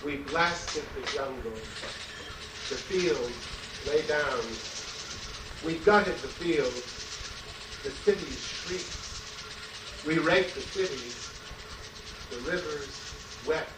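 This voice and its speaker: A man's voice: on the high side, very slow, pauses often. A man giving a live poetry reading, chanting his lines rhythmically with wry asides between poems. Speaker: poet. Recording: echoey room, distant mic, background noise.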